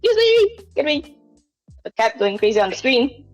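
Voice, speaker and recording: A woman from Malaysia chatting casually, slow and relaxed with short agreeing replies. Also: high-pitched. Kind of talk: casual chat. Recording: dull lo-fi audio with faint music.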